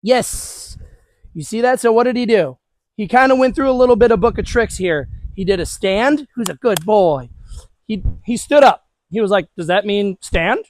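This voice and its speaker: A man's voice: high voice, expressive, normal speed, no echo. A man working as a dog trainer, casually talking viewers through a hands-on demonstration with his dog outdoors.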